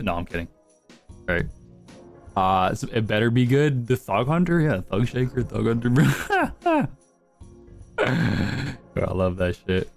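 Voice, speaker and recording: A young man live streaming, answering chat with crude, provocative, slang-heavy banter. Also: medium pitch.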